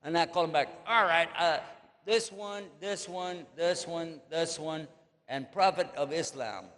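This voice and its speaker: Folksy Texan preacher in a big hall. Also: male voice, on the high side, unhurried, fairly bright tone. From Texas. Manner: folksy, joking, drawling asides. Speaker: Islamic preacher. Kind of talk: storytelling lecture to an audience. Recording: long echo of a large hall.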